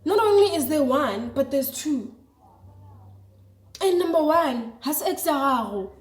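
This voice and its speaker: A young woman with a South African accent and a bright, high voice, chatting in an animated, slang-heavy storytelling style. She is recorded in a roomy space that adds a clear echo to her voice. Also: unhurried. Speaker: vlogger. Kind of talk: casual storytelling to camera. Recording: echoey room.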